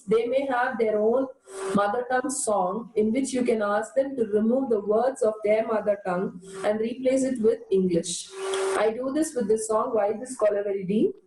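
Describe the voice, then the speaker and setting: Woman teacher with mellow voice in an echoey room. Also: a little high. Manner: steady, explanatory, with occasional fillers. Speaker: guest teacher answering questions. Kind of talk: explaining teaching methods in an online workshop. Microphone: computer mic on a video call. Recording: echoey room with faint noise.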